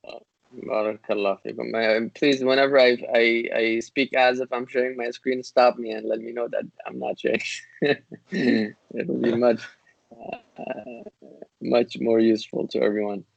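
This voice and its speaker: A man teaching a classical Arabic grammar lesson on a video call, explaining patiently with many fillers and restarts, and reciting Arabic text in quick bursts. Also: medium pitch, level tone, gravelly, no room sound, lo-fi sound. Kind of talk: online class lecture.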